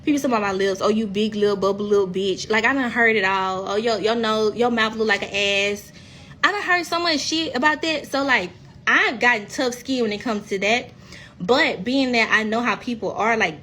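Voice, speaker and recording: Woman, thirties, higher voice, blunt and candid, swears freely, phone live stream, faint background noise. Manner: acts out quoted speech in lively voices. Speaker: reality TV cast member. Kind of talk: casual live stream talk.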